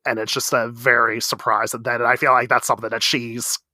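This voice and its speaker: A man's voice: medium pitch, level tone, a little fast, sharp tone, dry recording. A man appearing as a guest on a casual podcast chat, speaking thoughtfully and reflectively.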